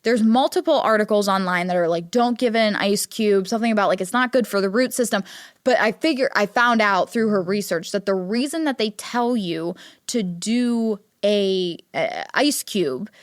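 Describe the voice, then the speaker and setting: A young woman from Ohio tells stories on her solo podcast, chatty and animated, with "like" in almost every phrase. She jumps into a higher voice whenever she quotes someone. Her voice sits at a middle pitch, and the recording is close and dry. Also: normal speed, no room sound. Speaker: podcast host. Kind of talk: casual solo podcast chat.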